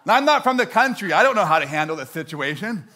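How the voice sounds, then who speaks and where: A young man from Canada telling a stand-up story, animated and self-mocking, acting out his own dialogue. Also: high voice, fast talker. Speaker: stand-up comedian.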